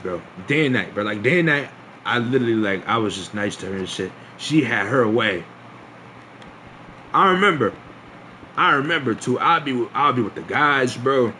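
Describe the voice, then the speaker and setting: A man's voice: medium pitch, animated, moderate pace, sharp tone, a little hiss or hum. A young man streaming a casual storytime, laughing often and restarting his sentences in slangy talk.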